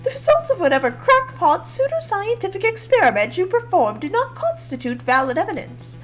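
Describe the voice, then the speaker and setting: A woman's voice: very high voice, sing-song, fairly quick, soft background music. A woman voicing a haughty male bird prosecutor, reading game dialogue in a smug, formal, lecturing way.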